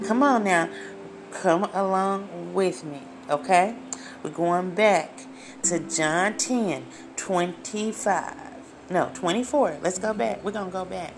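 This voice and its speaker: A woman's voice: medium pitch, takes it slowly, soft background music. A woman leading a Bible study, reading scripture aloud and preaching with fervor, repeating phrases and calling out to her listeners. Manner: fervent, repeats phrases, addresses listeners directly.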